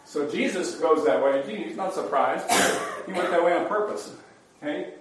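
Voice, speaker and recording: A man's voice: moderate pace, distant mic. A man leading an informal Bible study, explaining passages in a conversational way and acting out the quoted voices. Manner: conversational, acts out the quoted voices with rising pitch. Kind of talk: informal Bible class teaching. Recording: roomy hall recorded from afar.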